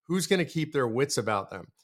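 A man from the United States delivers a political commentary monologue as host, his voice sitting at an ordinary middle pitch. He speaks earnestly and straight to the listener, hammering home his main points by repeating them. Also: big pitch swings, a little fast. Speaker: show host.

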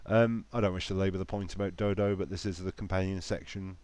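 A man's voice: low-pitched, fairly even intonation, quick pace, a little mellow. A man co-hosting a casual chat, dry and wry, with some stumbling restarts. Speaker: podcast co-host.

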